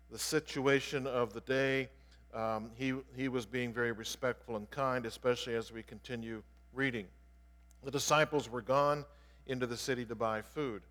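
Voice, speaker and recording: A man's voice: medium pitch, fairly bright tone. A man preaching an explanatory sermon in an earnest way, stressing key words as he teaches. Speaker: pastor. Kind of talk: expository sermon. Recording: long reverb of a large hall.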